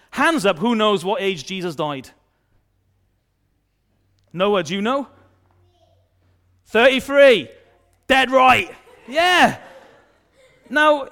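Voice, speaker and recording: A man preaching a children's sermon, asking the kids questions and acting out playful voices. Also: high-pitched. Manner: lively, asks children questions and acts out silly kid voices.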